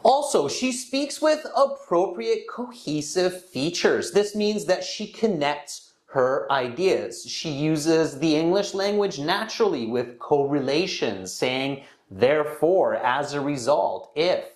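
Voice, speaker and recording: A man's voice: fairly high pitch, takes it slowly, hardly any pauses, echoey room. A man narrating commentary on a speaking exam and explaining how it is scored. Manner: explains clearly, with lively intonation.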